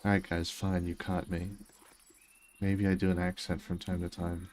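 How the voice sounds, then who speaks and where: A man's voice: low voice, completely flat delivery, normal speed, a little mellow, a little hiss or hum. A young man casually chatting on a gaming livestream, reading his chat aloud and answering with joking, self-mocking remarks. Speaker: streamer.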